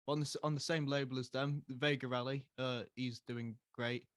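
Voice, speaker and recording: A man's voice: medium pitch, flat delivery, fairly quick, fairly bright tone, no echo. Young band guy, laid back answers, dry close sound. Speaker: band member guest. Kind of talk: casual interview.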